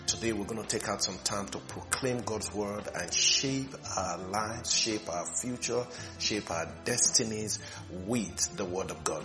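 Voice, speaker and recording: Slow, emphatic male pastor preaching. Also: fairly low pitch, fairly bright tone. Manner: slow, emphatic preaching with drawn-out repeated scripture lines. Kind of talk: recorded sermon teaching.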